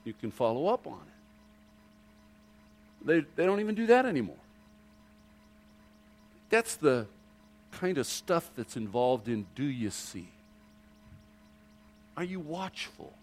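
A man preaching a sermon to his congregation, asking rhetorical questions and dropping low and quiet for emphasis. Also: big pitch swings, slow pace, long pauses. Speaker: pastor.

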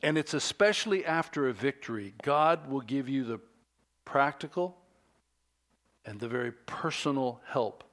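A middle-aged man preaching a sermon at a middle pitch. He moves between raised, lively emphasis and soft, close, hushed storytelling. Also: moderate pace. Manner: animated preaching that drops to a hushed, intimate storytelling voice. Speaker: pastor.

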